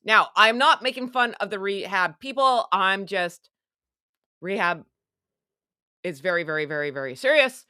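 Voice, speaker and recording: A woman's voice: medium pitch, animated, unhurried, long pauses, pushed and bright, clean tone, no room sound, studio quality. Chatty sarcastic woman gossip streamer. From Canada. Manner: chatty and sarcastic, talks to her chat. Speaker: livestream host. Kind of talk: casual celebrity gossip livestream.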